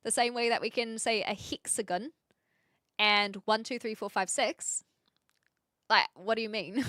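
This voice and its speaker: A woman's voice: on the high side, steady tone, a little slow, pauses often, pushed and bright, no room sound, clean studio sound. A woman from New Zealand with a rounded New Zealand accent, chatting casually on a live stream as she reacts to videos, curious and laughing often, with casual swearing.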